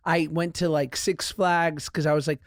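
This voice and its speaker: Man in his 30s, podcast host, casual chat, fairly high voice, dry close sound, wry and joking. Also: flat delivery, normal speed, dry recording. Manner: wry, joking, laughs often.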